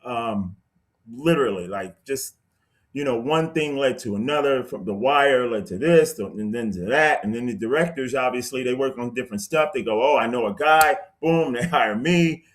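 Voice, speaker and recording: A man as a guest, telling a story in a casual, animated way, with many restarts. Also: medium pitch, moderate pace.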